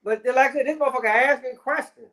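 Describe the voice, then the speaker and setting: A man's voice: extremely high pitch, fast, sharp tone. A man ranting in casual commentary, heavy on swearing and repeated fillers. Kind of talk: profane rant.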